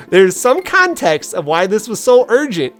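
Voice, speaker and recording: A woman hosting a casual gaming video, telling a story in an animated, self-deprecating way and laughing often. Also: mid-range voice, measured pace, faint music behind. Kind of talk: casual let's play commentary.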